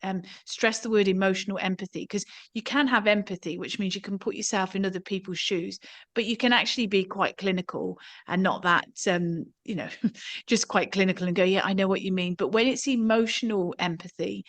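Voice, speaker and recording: A woman's voice: medium pitch, brisk, a bit bright. Australian woman hosting, fond of tag questions. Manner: explains at length, ends points with tag questions. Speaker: podcast host. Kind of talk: casual podcast conversation.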